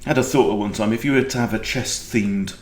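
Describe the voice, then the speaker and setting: A man's voice: on the low side, fairly quick, reverberant. A man with a Welsh accent, a chess coach chatting and joking as he thinks aloud through a game. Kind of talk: casual game commentary.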